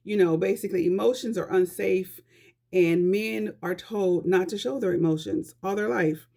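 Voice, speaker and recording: A vlogger shares life advice straight to camera, sounding earnest and conversational. Her warm, medium-pitched voice moves at a moderate pace and carries a gravelly touch of vocal fry.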